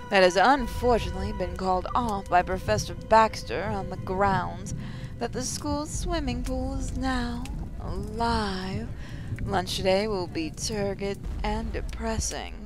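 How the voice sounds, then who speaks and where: A woman plays a perky school announcer with a bright, broadcast-style lilt, reading out the strangest notices with sunny calm. Her pitch sits in the middle range, and soft music runs behind her. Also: natural voice. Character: perky female school radio announcer, deadpan oddities. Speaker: morning announcer.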